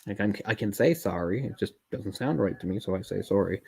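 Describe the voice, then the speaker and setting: A man's voice: lowish voice, lively intonation, quick pace, creaky, breathy edge. A man giving casual live commentary on a film while feeling unwell, rambling in chatty asides with lots of fillers. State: unwell, keeps swallowing.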